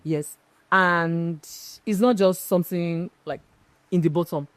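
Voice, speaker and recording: A woman's voice: lowish voice, fairly even intonation, measured pace, no echo. Woman, event-planner guest, emphatic storyteller, dry close sound. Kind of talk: casual interview chat.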